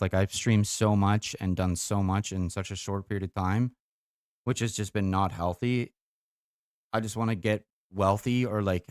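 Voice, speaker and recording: On a live stream, a young man chats casually while on a phone call, sounding tired and loose, swearing often and laughing easily. His low-sitting voice is smooth and clear, captured by a close, dry mic with no room sound.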